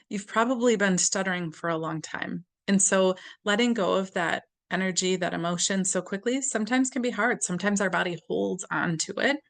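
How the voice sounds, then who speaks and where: A woman leading a guided tapping exercise, speaking gently and slowly with repeated phrases for the listener to follow. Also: mid-range voice, gravelly.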